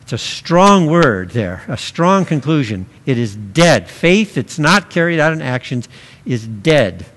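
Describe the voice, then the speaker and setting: A man preaching a sermon, slow and deliberate, pausing to stress key words. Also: a little high, sing-song, a bit bright, long reverb tail. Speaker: pastor.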